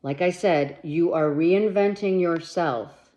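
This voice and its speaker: Speaking slowly and warmly in a fairly low voice, this tarot reader delivers a monthly reading, taking her time over every phrase. She addresses the listener directly, blunt and emphatic, swearing freely while urgently reassuring them to stand firm. The recording is dull and lo-fi.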